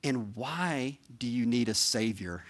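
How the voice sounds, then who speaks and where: A man's voice: mid-range voice, lively intonation, slow. Earnest man preaching, pleading and conversational. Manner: earnest, pleading, conversational with frequent "right?" and "okay?". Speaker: pastor. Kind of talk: sermon.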